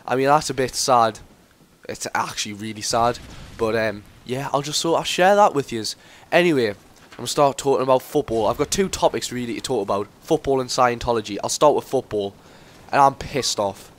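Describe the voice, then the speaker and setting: A man's voice: mid-range voice, normal speed. A teenage boy, giving casual game commentary that rambles into sweary rants. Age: teens. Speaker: gameplay commentator.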